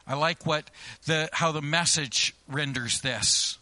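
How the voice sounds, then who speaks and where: A man preaching a sermon as pastor, telling a story and leading prayer in slow, deliberate phrases with emphatic pauses. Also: a little high, sharp tone, dry recording, low-quality recording.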